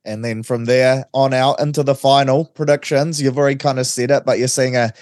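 A man hosting a sports podcast, talking in a blokey, energetic, slangy way. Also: medium pitch, a little fast, no echo, studio quality. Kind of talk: casual chat and sports commentary.

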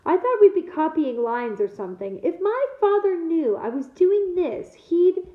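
A woman's voice: extremely high pitch, big pitch swings, measured pace, voice pushed up, exaggerated voice. A woman reading aloud and voicing a spoiled, proud schoolboy who whines in a haughty way, in an echoey room heard over a thin, phone-like line. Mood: panicky whine. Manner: whining, haughty.

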